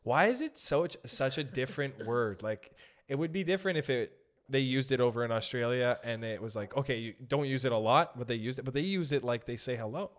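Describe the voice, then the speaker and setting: A man's voice: mid-range voice, brisk. Laid-back man, wry podcast host. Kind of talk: casual chat.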